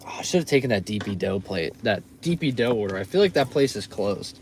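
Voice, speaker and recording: A man's voice: lowish voice, expressive, brisk, a little mellow, a little hiss or hum. A young man chatting to his viewers while driving for food delivery late at night, tired and yawning. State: sleepy after a long shift. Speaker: food delivery driver vlogger. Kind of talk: casual vlog chat while driving. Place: inside a car.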